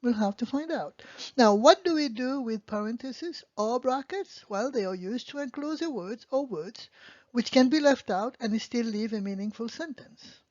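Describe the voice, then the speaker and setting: A woman's voice: a little high, animated, normal speed, a little mellow, dry recording. A woman teaching beginner French grammar, explaining patiently and answering her own questions. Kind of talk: online language lesson. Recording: dull lo-fi dry sound.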